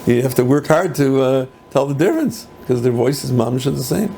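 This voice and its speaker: Older rabbi with a gravelly voice. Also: male voice, mid-range voice, animated, fairly quick, warm tone. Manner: mixes Hebrew and Yiddish terms, rhetorical questions. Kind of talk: Torah lecture. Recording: faint background noise.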